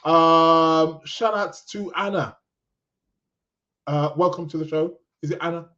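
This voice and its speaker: A man chats his way through an astrology podcast, wandering off topic and chuckling as he goes. His voice sits a little high, and it comes through a dull, lo-fi recording. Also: a little slow, pauses often, pushed and bright. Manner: rambling, chuckling, lots of fillers and restarts. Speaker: podcast host. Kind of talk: casual astrology podcast chat.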